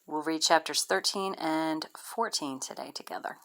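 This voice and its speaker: A woman teacher reading a novel aloud to her class, expressive, with brief teaching asides. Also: low-pitched, moderate pace.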